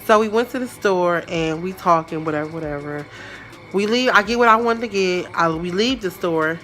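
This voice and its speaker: A woman with a bright, forceful voice tells a storytime vlog in a loose, chatty way. She talks with plenty of slang and animation, and soft music sits underneath her voice. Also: on the low side, moderate pace. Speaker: vlogger.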